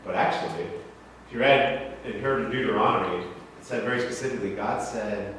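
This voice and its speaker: A male pastor with a lowish voice preaches fairly quickly and a bit brightly, keeping his sermon conversational and joking and often questioning the congregation. He's in a church sanctuary, and the distant, echoey recording has a little hiss or hum.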